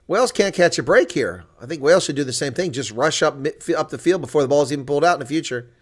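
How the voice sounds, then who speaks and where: A man hosting live reaction commentary on a rugby match, calling the play and shifting from calm analysis to excited shouting on big moments. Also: on the high side, fast talker.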